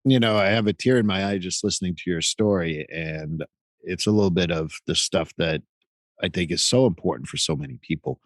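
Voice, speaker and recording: A man hosting a podcast interview, speaking in a gentle, reflective and slightly rambling way. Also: low-pitched, brisk, dry recording. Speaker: podcast host. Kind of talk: interview conversation.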